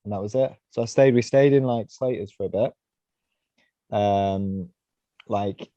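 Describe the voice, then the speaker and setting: A man spins a loose, rambling story as a podcast guest, forever tossing in "you know" and "right?". His voice is dark and mellow, and it sits close and dry on a slightly dull, lo-fi recording. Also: lowish voice, measured pace, no room sound. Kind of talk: casual storytelling.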